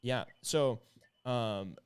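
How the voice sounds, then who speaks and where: A man's voice: medium pitch, very slow, clean tone. Upbeat man hosting a livestream. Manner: upbeat, chatty, many fillers. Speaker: livestream host. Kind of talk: casual livestream chat.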